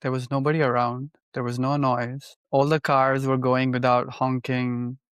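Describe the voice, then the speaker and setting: A man of middle pitch leads the conversation as host, calm and reflective as he asks questions and shares his own memories. The sound is dry and close. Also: moderate pace, smooth, no echo. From India. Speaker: podcast host. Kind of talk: casual interview chat.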